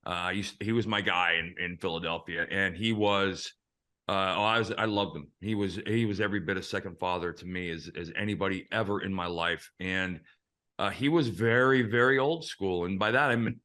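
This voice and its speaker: Male host, 50s, ex-pitcher; bright, forceful tone; blunt, profane anecdotal storyteller. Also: brisk. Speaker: host, former big-league pitcher. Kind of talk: casual storytelling chat.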